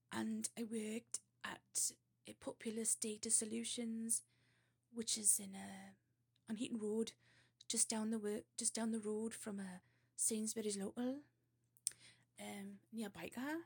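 A woman's voice: a little high, little pitch movement, slow, vocal fry, darkish tone, slightly rough. A woman chatting casually and rambling in a self-deprecating way before and after a reading. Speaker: amateur reader. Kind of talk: casual chat.

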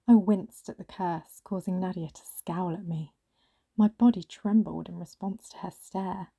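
A woman reads a first-person story in a hushed manner that often slips into a half-whisper. Her voice is husky with a gravelly fry, pitched somewhat low and very dark and mellow in tone. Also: fairly even intonation, measured pace, no room sound. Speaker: narrator.

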